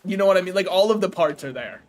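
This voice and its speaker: A man's voice: sits high, lively intonation, quick pace. A young man streaming a game, joking and rambling casually and laughing at his own jokes. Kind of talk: casual gaming stream chat.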